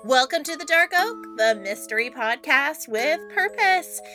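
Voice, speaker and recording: A woman co-hosting a podcast, talking in a bubbly, quick, casual way. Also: sits high, expressive, sharp tone, faint music behind. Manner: bubbly, quick, laughs often. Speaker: podcast co-host.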